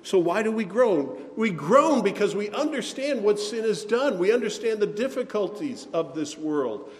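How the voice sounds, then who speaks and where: Male pastor, sermon, earnest and emphatic, slightly high voice, long church-hall echo. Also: big pitch swings, moderate pace, few pauses. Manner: earnest, emphatic preaching with sighs and self-deprecating asides.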